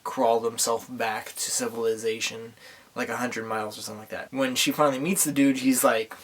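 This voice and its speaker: A man's voice: medium pitch, level tone, brisk, a bit bright. A tipsy young man vlogging a crude, rambling movie recap, swearing freely and losing his thread. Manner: rambling, crude, loose and meandering. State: tipsy from drinking. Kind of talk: profane casual movie recap.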